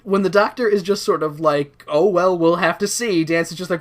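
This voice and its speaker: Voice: mid-range voice, fairly even intonation, a little fast. A podcast co-host recapping an episode in casual chat, joking, laughing often and mocking characters in silly voices.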